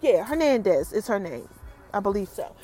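A woman hosting a podcast and recapping a TV episode in a casual, chatty way. She talks straight to her listeners and fills her retelling with quick asides. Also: medium pitch, very animated, mellow, soft background music.

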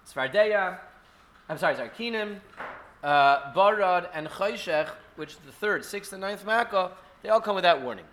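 A man's voice: high-pitched, animated, moderate pace, fairly bright tone, a little hiss or hum. A man teaching an informal Torah class at an indoor gathering, speaking in a conversational way full of fillers and restarts.

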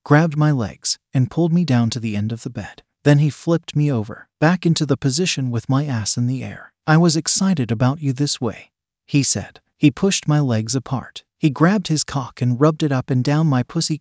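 A man reading an adult story aloud, with a steady, unhurried delivery. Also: mid-range voice, dry recording, clean studio sound. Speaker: story reader.

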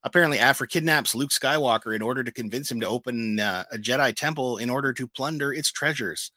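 A man co-hosting a casual pop-culture show, reading out news items in a relaxed, filler-heavy way. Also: medium pitch, fast, no room sound. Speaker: co-host. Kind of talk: casual chat about comic and pop news.

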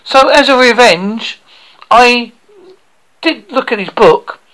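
A man's voice: extremely high pitch, slow pace, sharp tone, poor audio. A man from England with a Devon accent, hosting a radio show and chatting with a guest in a joking, storytelling way. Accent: Devon English. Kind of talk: casual interview chat.

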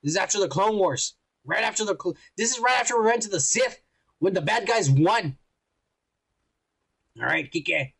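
Podcast co-host, male, high gravelly voice, rambling crude banter with endless "yeah"s. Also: animated, normal speed, pauses often, a bit bright. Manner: rambling, crude, teasing, lots of filler yeahs. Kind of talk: casual profane nerd chat.

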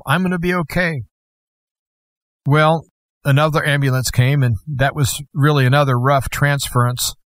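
A man's voice: mid-range voice, no echo. Plainspoken man telling his story. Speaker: guest host. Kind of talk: personal testimony.

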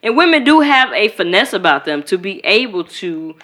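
A woman from Chicago co-hosting a podcast in casual chat, animated and profane, acting out quoted voices. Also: medium pitch, moderate pace. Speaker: podcast co-host.

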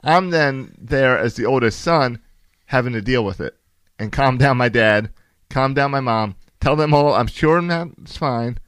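A man in casual podcast chat, relaxed, telling a family story and adding brief agreeing replies. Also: medium pitch, moderate pace, smooth, no room sound.

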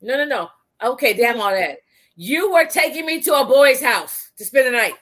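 Woman, casual chat, brash, exclaiming, very lively, bright tone. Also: sits high, normal speed.

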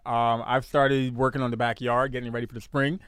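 A man's voice: medium pitch, level tone, brisk, a bit bright, clean tone, dry recording. A young man casually hosting a live stream with his fiancée, teasing her and greeting viewers, often repeating words as he talks. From Guyanese heritage.

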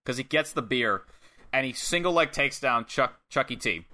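Bright-voiced man recapping casually. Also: medium pitch, expressive. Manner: loose, swearing play-by-play storytelling with quick put-on voices. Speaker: podcast co-host recapping a wrestling match. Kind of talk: casual chat.

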